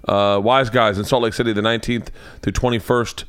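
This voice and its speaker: A man's voice: fairly low pitch, fairly even intonation, fairly quick, fairly bright tone, clear, resonant tone, no echo. A man hosting his podcast, rambling in casual chat and often restarting his sentences. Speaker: podcast host.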